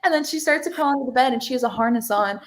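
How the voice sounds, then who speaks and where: A young woman guest on a video call, telling a story in a lively, giggly way full of fillers. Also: sits high, very fast, a little hiss or hum. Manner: animated, giggly, lots of "like". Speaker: interview guest, singer. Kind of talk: casual interview storytelling.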